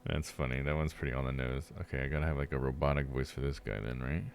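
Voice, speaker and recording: A man's voice: a bass voice, fairly even intonation, fast, gravelly, a little hiss or hum. A man streaming a game, chatting in casual, laid-back asides with chuckles. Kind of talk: casual gameplay commentary. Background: game music.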